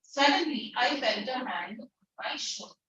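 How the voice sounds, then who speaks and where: Indian woman tutor, high voice, echoey. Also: animated, normal speed, bright, forceful tone. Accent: Indian English. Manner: reads a passage aloud and explains it line by line, mixing in Hindi. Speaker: English tutor. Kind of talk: online class lecture, reading and explaining a text. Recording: distant, echoey, muffled online lecture recording with faint noise.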